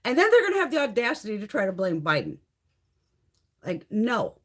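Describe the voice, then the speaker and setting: A woman's voice: medium pitch, wildly swooping pitch, a little fast, fairly bright tone. A woman hosting a live beauty stream, chatting with viewers in a blunt, profane, ranting way and laughing often. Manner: laughs often while talking. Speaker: beauty livestream host.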